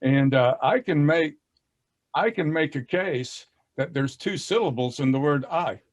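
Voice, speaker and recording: A man with a Southern American accent rambles through a casual talk, folksy and self-deprecating, with frequent laughs. His voice sits a bit higher than most men's. He sounds like he is speaking over a video call. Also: lively intonation, unhurried.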